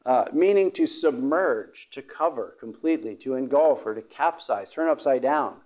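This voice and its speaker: A man preaching a sermon, halting, with many fillers and restarts, often clearing his throat. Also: mid-range voice, animated, darkish tone.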